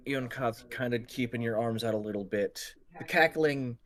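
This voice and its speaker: A man narrating as game master in a tabletop role-play, describing scenes in a slow, measured way. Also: mid-range voice, a bit bright.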